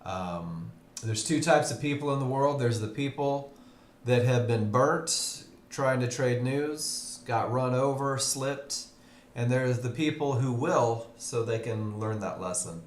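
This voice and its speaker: Brief: male trading instructor, mid pitch, cheerful and chatty, echoey room with faint hiss. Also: slow pace. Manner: upbeat, chatty, greets viewers by name. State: tired, yawning. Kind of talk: live webinar teaching. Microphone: computer mic on a live stream.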